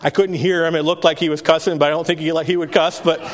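A man's voice: a little high, level tone, quick pace. A man in his thirties, a pastor giving an earnest, conversational sermon with frequent restarts. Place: church sanctuary. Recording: long reverb of a hall.

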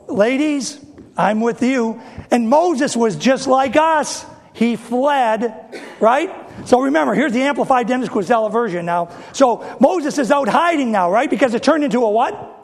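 A middle-aged man preaching a sermon, telling funny stories in an animated way and asking his audience questions. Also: very high-pitched. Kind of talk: sermon storytelling.

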